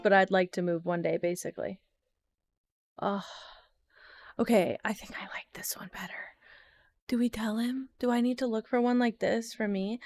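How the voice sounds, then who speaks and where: A woman's voice: mid-range voice, clear, resonant tone. A woman streamer chatting casually with her chat while playing a game, laughing and apologizing often.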